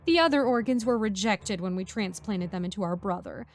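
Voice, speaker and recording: A woman's voice: medium pitch, expressive, brisk, soft background music, lightly acted. Woman putting on a creepy motherly caretaker. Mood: sweetly sinister. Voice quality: sing-song, falsely motherly. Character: creepy sweet-talking female caretaker.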